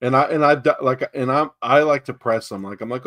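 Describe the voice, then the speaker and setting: A man's voice: mid-range voice, fairly quick, hardly any pauses, a bit bright. A man from San Antonio, Texas, telling rambling stories about real estate deals in a casual podcast chat, acting out the dialogue. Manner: rambling storyteller, acts out quoted dialogue, many fillers.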